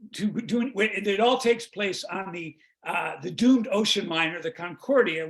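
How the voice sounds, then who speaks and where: An older man guesting on a video-call interview, telling rambling comic stories about a show he wrote, with restarts and quick jokes. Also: sits high, fairly bright tone. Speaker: guest, comedy songwriter. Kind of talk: casual interview chat.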